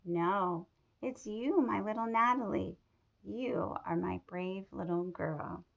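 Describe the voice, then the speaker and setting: A woman's voice: mid-range voice, slow pace, gravelly, dull audio. A woman voicing a loving soldier father in a read-aloud storybook. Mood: tender.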